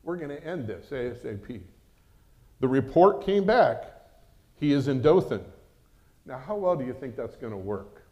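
A man preaching a sermon in a lively, conversational way, often breaking in with exclamations. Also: medium pitch, normal speed, long pauses.

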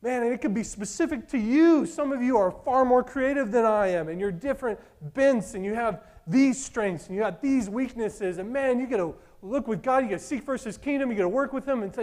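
Animated high-voiced preacher. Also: male voice, moderate pace. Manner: animated, enthusiastic, swings from loud whoops to quiet earnest talk. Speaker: pastor. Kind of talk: sermon.

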